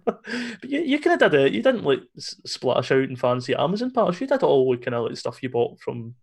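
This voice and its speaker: A man's voice: mid-range voice, big pitch swings, brisk, creaky, darkish tone, slightly rough. A Scottish man chatting on a live stream, telling stories in a sweary, chuckling way. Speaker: live show co-host. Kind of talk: casual live-stream chat.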